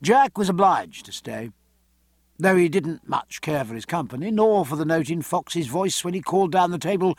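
A man narrating a novel in an expressive, dramatic storytelling style. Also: a little high, normal speed, no echo, studio quality. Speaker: audiobook narrator. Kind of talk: scripted narration.

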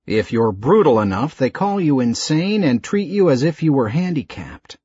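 A man narrating an audiobook in a slow, measured, expressive reading. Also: medium pitch, husky, no room sound, dull audio.

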